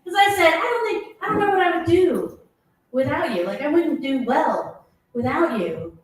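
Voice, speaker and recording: A middle-aged woman tells stand-up jokes with a lively, swinging pitch. She sits a bit high for a woman and drops low to mimic her husband. Her voice rings in a very echoey room, picked up from a distance. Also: moderate pace. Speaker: stand-up comic. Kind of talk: stand-up comedy set. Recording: roomy echoing venue, mic heard from a distance.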